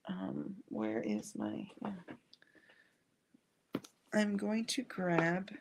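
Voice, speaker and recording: Slow, gravelly woman reading angel cards. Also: lowish voice, a little hiss or hum. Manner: gentle, soothing, affirming. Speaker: angel card reader and live stream host. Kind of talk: live-streamed spiritual card reading.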